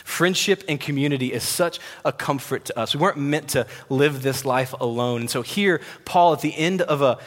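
A man's voice: a little high, moderate pace, hardly any pauses. Man preaching in a reverberant hall. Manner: conversational and emphatic, retelling scripture. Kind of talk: sermon. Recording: long reverb of a large hall.

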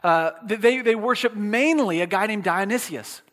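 Very high-voiced man preaching casually. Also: moderate pace, a bit bright. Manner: chatty, checks in with "right?", repeats words and restarts; playful asides. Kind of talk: conversational sermon. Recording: long reverb of a hall.

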